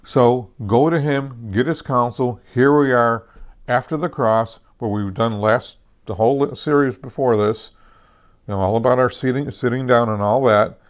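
A man's voice: medium pitch, moderate pace. A man pastor teaching a sermon in a conversational way, often asking "amen?" and "okay?", with many restarts and self-corrections. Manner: conversational, repeats "okay" and "amen" checks with listeners.

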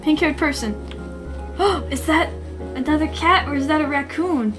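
High-voiced goofy woman gaming. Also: unhurried, soft background music. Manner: goofy, excitable. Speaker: gaming streamer. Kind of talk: let's play commentary.

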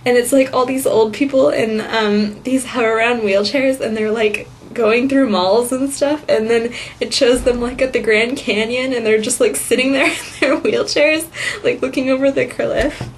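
A woman vlogging in a rambling, chatty way, full of fillers and little giggles. Her voice sits a bit high. A faint hiss runs under it. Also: fairly even intonation, moderate pace. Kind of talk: casual chatty vlog monologue.

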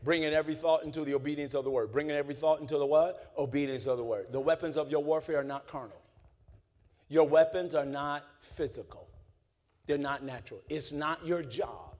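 A male pastor delivers a sermon in a fairly high voice. He drops low and quiet, then climbs into shouts, and keeps asking the congregation to answer back. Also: brisk. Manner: call-and-response preaching, swings from low and quiet to shouting.

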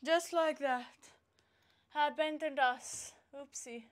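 High-voiced winded woman vlogging a workout. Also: fairly even intonation, slow. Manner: chatty, joking with viewers between exercises. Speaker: fitness vlogger. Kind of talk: chatting while working out.

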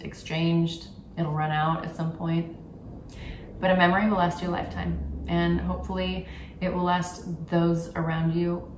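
A woman's voice: fairly low pitch, a little mellow, far from the mic, a little hiss or hum. A young woman vlogging casually about gift ideas, candid and chatty with frequent ums. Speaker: YouTuber. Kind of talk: casual gift-guide vlog. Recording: roomy echo, from off the mic.

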